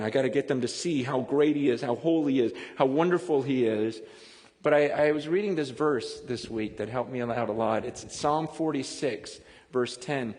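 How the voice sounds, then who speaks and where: A man preaching a sermon in a lively, conversational way, often breaking into quick laughs. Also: medium pitch, in a large hall. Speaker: pastor.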